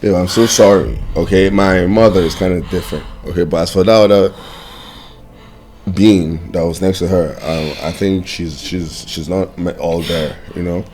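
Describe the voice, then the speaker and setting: A man's voice: deep voice, steady tone, moderate pace, darkish tone, slight background noise. A man playing an exasperated son, speaking bluntly to his mother. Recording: echoey room with music.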